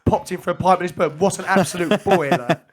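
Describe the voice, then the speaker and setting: A young man co-hosting a podcast, full of excitable banter. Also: high-pitched, fairly quick. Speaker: podcast co-host. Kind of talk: casual chat.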